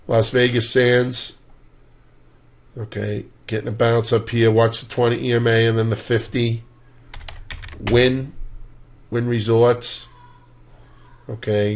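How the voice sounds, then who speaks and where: A man giving a casual, conversational walkthrough of stock charts, loose in his phrasing and dropping dry, sarcastic asides. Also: mid-range voice. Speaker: stock market analyst.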